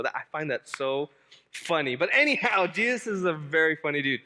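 A male pastor preaching a sermon in an animated, humorous way, often repeating key phrases for emphasis. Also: fairly high pitch, a little fast, big-room sound, slight background noise.

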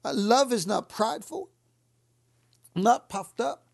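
A woman preaching a sermon, fervent, repeating words and dropping to soft whispers on key lines. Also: a little high, animated, slow pace, creaky.

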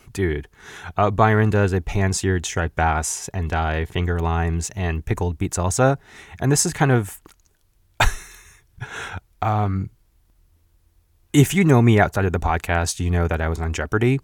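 A man in his thirties hosts a podcast, casually recapping a cooking show with lots of laughter and blunt asides. His voice is low-pitched, and the studio-quality recording has no echo.

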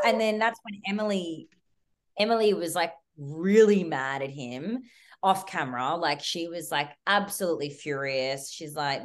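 A young Australian woman on a podcast tells a story in a rushed, animated way. She scatters "like" through every sentence and swears freely. Her voice sits a little low in pitch. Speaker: guest. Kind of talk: casual chat.

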